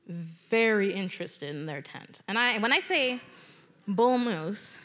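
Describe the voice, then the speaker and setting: A woman telling a personal story to an audience from a stage, in an animated, conversational way with dramatic emphasis. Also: medium pitch, moderate pace. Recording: long hall reverb.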